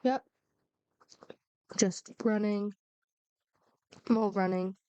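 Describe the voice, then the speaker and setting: A woman's voice: medium pitch, very slow, dark tone, clear, resonant tone, dull audio. Self-mocking woman with a cold. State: unwell with a cold. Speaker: gaming video narrator. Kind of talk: casual gameplay commentary.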